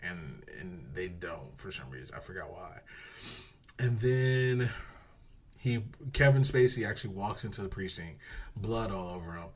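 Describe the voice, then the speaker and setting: A man co-hosting a podcast, casually retelling a movie plot in a rambling, animated way, swearing and acting out quotes. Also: sits low, normal speed, husky. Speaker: podcast co-host.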